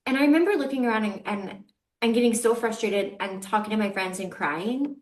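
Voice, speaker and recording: A middle-aged woman, a dating coach hosting a podcast, talking candidly in an animated, emphatic way and laughing often. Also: mid-range voice, brisk. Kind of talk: candid conversational chat. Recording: echoey room.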